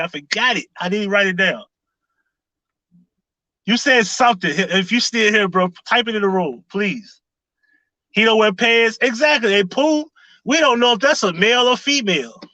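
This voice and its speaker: Male streamer, high bright voice, sarcastic questions, dry close sound. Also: no echo, rough recording. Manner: sarcastic rhetorical questions, greets chatters. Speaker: livestream commentary host. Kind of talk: casual live-stream commentary.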